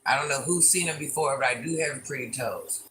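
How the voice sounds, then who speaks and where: A woman about fifty, who calls herself Granny, chats on a livestream from her phone in the living room, reading viewers' remarks aloud and teasing them back with playful repetition. Her rumbling low voice is a bit bright and fairly quick, with a faint hiss or hum present.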